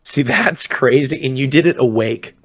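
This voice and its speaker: A man's voice: medium pitch, normal speed, a bit bright. A young man with a mid-range voice, chatting loosely on a late-night stream. He rambles from one story to the next and slips into the voices of the people he quotes. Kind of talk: casual chat.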